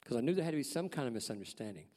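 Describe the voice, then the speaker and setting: Casting: man, lively storytelling testimony, big reverberant church hall. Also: medium pitch, rapid-fire. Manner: folksy, animated storyteller acting out dialogue. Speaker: church staff member giving a testimony.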